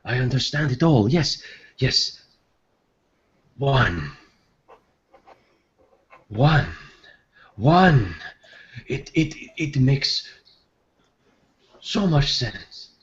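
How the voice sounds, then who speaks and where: A man voicing a dazed adventurer in a trance, stammering and repeating himself in a higher voice. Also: expressive, very slow, long pauses, dull audio. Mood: entranced. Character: dazed entranced man babbling at a riddle.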